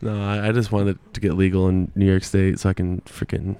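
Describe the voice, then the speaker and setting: A man's voice: sits low, a little fast, clean tone, dry recording. A young man co-hosting a casual podcast, telling stories with swearing and reading out texts. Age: young adult. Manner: animated storyteller, swears often, reads out texts. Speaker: podcast co-host. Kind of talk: casual chat.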